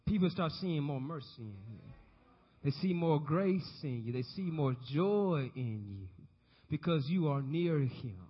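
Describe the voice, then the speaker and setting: A man's voice: high voice, animated, fairly quick, slightly rough. A man preaching a sermon to a congregation, calling on the listeners to answer back and repeat after him. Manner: call-and-response preaching, asks congregation to repeat. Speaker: pastor. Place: church sanctuary. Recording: dull recording with long hall reverb.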